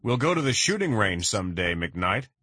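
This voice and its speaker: A man voicing a brash, pushy rich man in an audiobook, loud and demanding. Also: on the low side, sing-song, moderate pace, no echo, clean studio sound, pitched above the performer's own voice, heavily acted. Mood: taunting.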